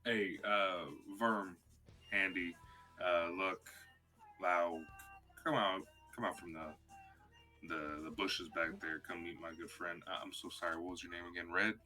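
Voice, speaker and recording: A man's voice: low voice, steady tone, unhurried, bright, forceful tone, faint music behind. A man playing his character at a tabletop game, polite and diplomatic with stammered restarts. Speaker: player.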